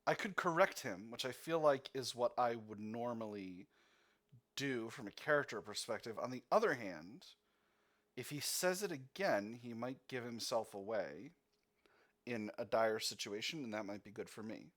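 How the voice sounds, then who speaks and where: A man with a lively, animated voice narrates a story-driven game, reading its text aloud and musing over which choice to make. His pitch sits in a middle register and moves freely. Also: moderate pace. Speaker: gaming channel host.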